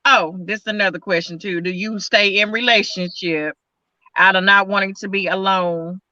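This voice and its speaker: A woman co-host chatting candidly about relationships, emphatic and quick to jump in. Her voice is very bright and cutting. The sound is dry and dull, like a lo-fi stream. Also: mid-range voice, steady tone, no room sound. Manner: emphatic, candid, talks over others. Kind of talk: casual chat.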